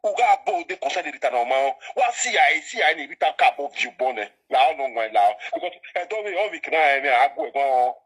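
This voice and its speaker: A man with a Nigerian accent calling into a live talk show, speaking rapidly and emphatically. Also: on the high side, big pitch swings, a bit bright, slightly rough, low-quality recording. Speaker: caller. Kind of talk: casual call-in chat in pidgin.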